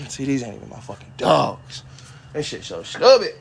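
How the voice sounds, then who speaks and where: A man hosting a casual livestream from home, rambling and swearing, who now and then breaks off to yell at dogs near a porch. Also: medium pitch, very animated, slow, vocal fry, slight background noise. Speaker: livestream host.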